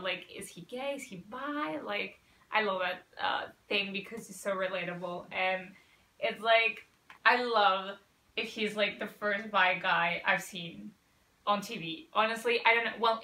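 A woman's voice: mid-range voice, bright, forceful tone, reverberant. A woman hosting a reaction video, chatting casually and gushing emotionally, on the verge of tears. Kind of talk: casual chat reacting to a TV episode.

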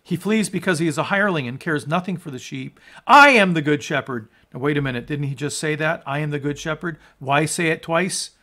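A man's voice: a little high, brisk, few pauses, fairly bright tone. A man preaching a sermon as a pastor, emphatic and conversational, asking his listeners rhetorical questions. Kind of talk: sermon on scripture.

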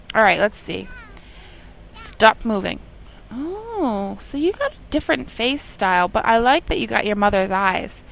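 In this poorly recorded let's play clip, a young woman with a gravelly, higher-than-average voice talks her way through a life-sim game. She chats to herself as a gameplay commentator and snaps at her characters in exasperated little asides.

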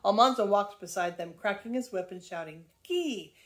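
Older grandma reading a kids' book out loud, expressive, lively storytelling. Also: female voice, medium pitch, fairly quick. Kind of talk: reading a children's book aloud.

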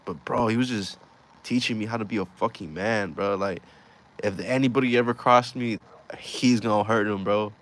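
A young man with a fairly low voice, talking loosely and profanely as he recounts a story from his own life. His delivery is casual and slangy, with plenty of restarts. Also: moderate pace. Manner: slangy, profane, rambling retelling. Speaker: vlogger telling a personal story.

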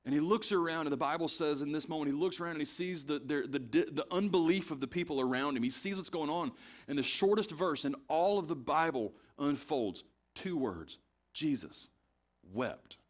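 A man's voice: on the high side, brisk. A man preaching a conversational sermon as pastor, retelling scripture scenes casually and pressing his points with repetition.

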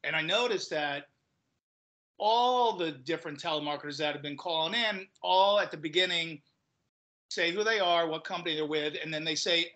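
An animated man guesting on a podcast, telling stories and slipping into other people's voices as he quotes them. His voice is bright and forceful, and it sits somewhat high for a man. He often stumbles and repeats words as he restarts a thought. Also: moderate pace, low-quality recording. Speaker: guest comedian. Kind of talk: casual podcast chat, storytelling.

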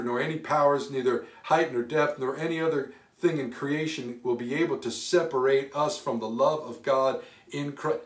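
A man's voice: mid-range voice, reverberant, distant mic. A man preaching a fervent sermon as pastor, calling on his listeners to answer him. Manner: fervent call-and-response preaching. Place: church sanctuary.

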